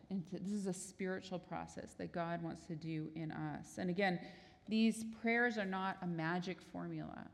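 A woman's voice: medium pitch, a little mellow, in a large hall. A woman preaching a sermon in an earnest, explanatory way, sometimes acting out quoted prayers.

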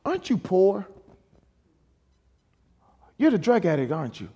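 A man's voice: high-pitched, wildly swooping pitch, a little slow, dark tone, slightly rough, in a large hall, heavily acted. A man voicing a taunting male devil who needles a believer with mocking, accusing questions during a sermon.

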